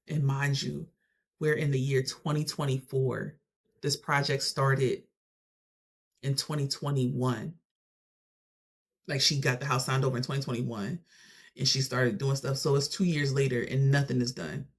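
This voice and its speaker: A young adult vlogger telling a family story in a casual, animated way. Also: medium pitch, a little slow, long pauses. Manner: animated, conversational retelling.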